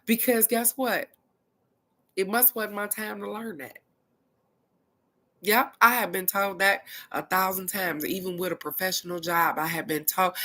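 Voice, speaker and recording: A woman's voice: medium pitch, moderate pace. A middle-aged woman, giving a casual, blunt spiritual card reading and cussing freely. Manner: blunt and animated, cusses freely.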